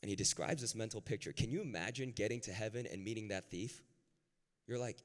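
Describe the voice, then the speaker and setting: A man preaching a sermon in a casual, conversational way that builds to impassioned, near-shouted peaks. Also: fairly low pitch, brisk. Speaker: pastor. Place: large hall with a live audience. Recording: long hall reverb, faint music.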